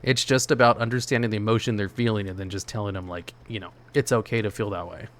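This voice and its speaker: A man's voice: fairly low pitch, steady tone, quick pace. A male streamer chatting casually with his viewers while he plays, in a laid-back, rambling way with lots of "like" and "you know". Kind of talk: casual chat while gaming, answering chat.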